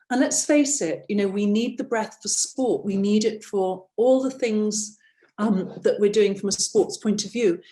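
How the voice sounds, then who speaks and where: Here the same kind of scene: a middle-aged female voice coach guides a breathing workshop, showing exercises and cheering participants on. Her voice is mid-range with a darkish tone, captured off-mic in a roomy space.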